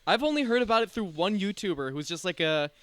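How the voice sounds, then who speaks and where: A man hosting a podcast in casual chat, animated and quick to laugh. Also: sits high, smooth, no echo. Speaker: podcast host.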